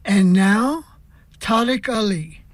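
A male radio host reading a scripted introduction in a measured, deliberate way. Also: high voice, dry recording.

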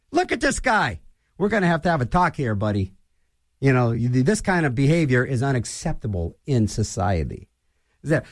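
A man with a high-pitched voice rants for laughs, his delivery swooping up and down as he rambles. He restarts his sentences often and slips into mock voices, keeping the monologue loose and animated. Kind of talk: comedic rant.

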